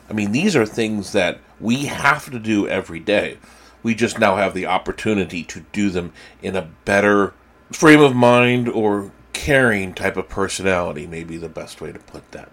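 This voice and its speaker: A man hosting a recovery podcast, introducing the episode and telling a joke in a relaxed, conversational way. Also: fairly low pitch. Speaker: podcast host. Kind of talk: casual podcast intro and storytelling.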